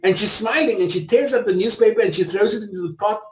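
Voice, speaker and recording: A man's voice: high-pitched, fast talker, a little hiss or hum. A middle-aged South African man, an interview guest, telling stories with a preacherly, emphatic delivery. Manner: preacherly, rising to emphatic peaks. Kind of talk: impassioned storytelling. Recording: echoey room.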